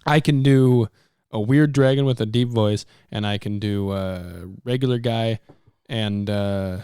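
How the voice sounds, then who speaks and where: A man's voice: fairly low pitch, a little slow, mellow, clear, resonant tone, no echo, studio quality. A man hosting a podcast in casual chat, joking and laughing often. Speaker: podcast host.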